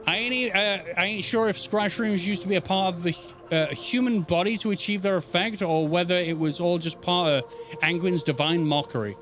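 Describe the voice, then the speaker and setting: A man voicing an old male witch quest-giver in a video game, with a lowered, storytelling delivery. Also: moderate pace, fairly bright tone. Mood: ominous. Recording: game music playing behind.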